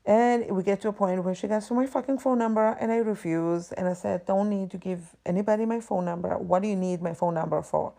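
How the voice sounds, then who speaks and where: A woman's voice: medium pitch, a little fast, creaky, hardly any pauses, dark tone. A woman hosting a podcast, delivering an exasperated, profane and emphatic ranting monologue. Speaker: podcast host.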